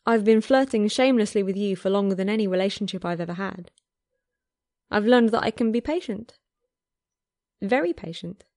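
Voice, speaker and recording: A woman voicing a flirtatious, tattooed and pierced man who talks softly and playfully in a story reading. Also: medium pitch, normal speed, long pauses, no room sound, clean studio sound, close to an everyday voice. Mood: tender.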